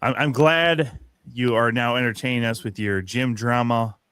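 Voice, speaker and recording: A man's voice: medium pitch, fairly even intonation, normal speed, fairly bright tone, clean tone, no echo. A man co-hosting a podcast, teasing his co-host with dry humor. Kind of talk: casual chat.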